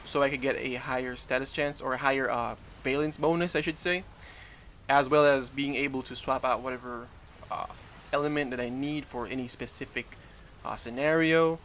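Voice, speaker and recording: A man's voice: medium pitch, fairly even intonation, moderate pace, a bit bright, slight background noise. A young man, casually talking over gameplay footage and often correcting himself as he goes. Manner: casual, rambling, frequent self-corrections. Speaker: gaming YouTuber.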